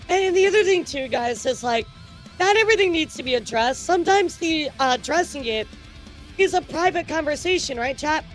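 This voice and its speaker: Woman streamer, high voice, chatty, repeats herself, faint music behind. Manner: chatty, repeats words, frequent laughs. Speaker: streamer news host. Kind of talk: casual live-stream commentary to chat.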